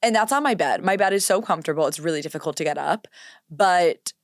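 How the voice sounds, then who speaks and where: A woman's voice: on the low side, quick pace, no echo, clean studio sound. A woman in her twenties hosting a solo podcast in casual, chatty talk, dramatic and self-mocking. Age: 20s. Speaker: podcast host.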